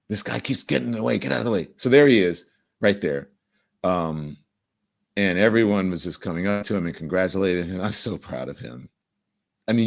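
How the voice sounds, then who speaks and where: A man's voice: sits low, creaky. A middle-aged man hosting his own show, chatting in a rambling, effusive way before turning to emphatic news commentary. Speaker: show host.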